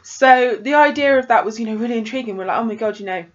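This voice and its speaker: A woman's voice: fairly high pitch, fast, muffled recording. A young woman chatting casually to camera about books, exasperated at times and full of fillers. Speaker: book vlogger.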